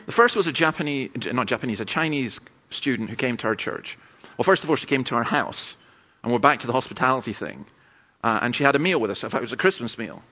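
A man's voice: medium pitch, animated, quick pace, sharp tone. A man preaching a sermon at a church camp, telling stories in a conversational way with frequent asides. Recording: dull lo-fi sermon recording.

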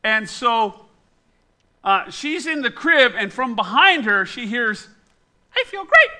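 A middle-aged man, a pastor, running a quiz with his congregation and telling an animated, self-mocking story. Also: very high voice, takes it slowly.

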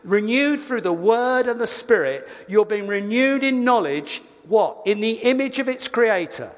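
A man preaching a sermon, lively, with quick asides and self-corrections. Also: high voice, long reverb tail. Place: church.

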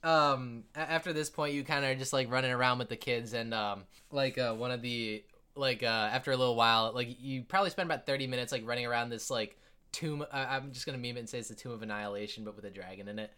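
A man's voice: mid-range voice, quick pace, sharp tone, smooth. A man narrating as game master, rambling with many fillers and jumping into character voices.

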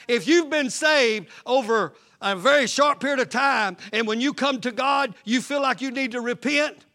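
A man's voice: very high-pitched, bright, forceful tone. A man preaching a fervent sermon as pastor, repeating lines and calling out to the congregation. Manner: fervent, repetitive call-and-response preaching.

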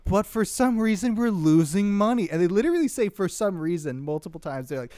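A man's voice: high-pitched, very animated, fairly quick, dark tone, no room sound, clean studio sound. A man sarcastically picking apart a movie in casual chat, often laughing as he talks. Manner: sarcastic, laughs into his points. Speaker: podcast co-host.

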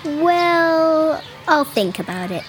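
A woman's voice: high voice, sing-song, slow, slight background noise, full character voice. A woman voicing a young girl who is hurt and sulky with her brother, in a pouty, whiny child's voice, in a family audio drama.

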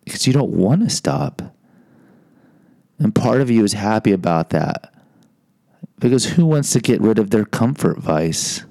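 A man's voice: fairly low pitch, expressive, measured pace, vocal fry, pauses often, dark tone. A man hosting a podcast, telling a personal story in a candid, self-deprecating monologue with frequent restarts. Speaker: podcast host.

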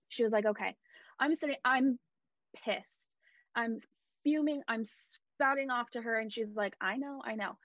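A woman with a fairly high voice tells her story with animated, emphatic energy. The sound is dry and a little dull, close on the mic. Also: dry recording. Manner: animated, emphatic, fast retelling. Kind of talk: excited fan storytelling.

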